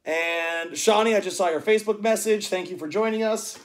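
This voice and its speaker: Counting out reps and chatting in a coaching style, this man runs a home workout live stream in an echoey indoor room. He speaks at a normal speed with few pauses, his voice sitting high.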